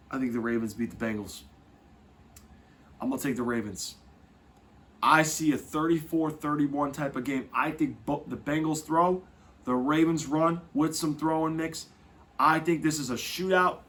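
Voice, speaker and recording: A man hosting a casual football podcast, his voice a touch higher than most men's. He talks in lively swings, some lines loud and others quiet, and corrects himself as he goes. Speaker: podcast host. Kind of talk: casual sports podcast talk.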